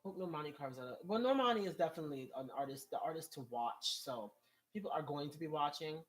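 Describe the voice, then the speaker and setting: A man's voice: fairly high pitch, lively intonation, quick pace. A man vlogging in casual commentary, reading viewer comments and rambling in an exasperated way. He laughs often, and his voice rises when he gets worked up.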